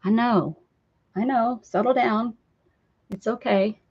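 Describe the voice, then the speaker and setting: Her voice a little high, slow and husky, an American woman casually rambles on an art live stream, laughing and taking viewer comments. Sound is slightly dull, lo-fi stream audio.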